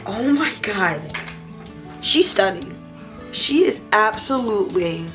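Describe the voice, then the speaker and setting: Animated young woman gushing on camera. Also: medium pitch, slow pace, long pauses, faint music behind. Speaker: beauty vlogger. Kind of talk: casual product review vlog.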